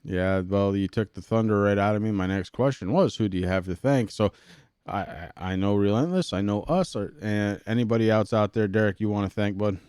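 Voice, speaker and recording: A man commentating a sim racing broadcast, excitable and out of breath, with stammering restarts. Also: on the low side, fairly quick, smooth, no echo. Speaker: race commentator.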